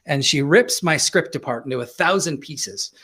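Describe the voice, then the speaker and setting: A man's voice: a little high, animated, pushed and bright, husky. Man telling a story with many fillers. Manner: halting, many fillers and restarts. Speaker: guest. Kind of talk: casual storytelling.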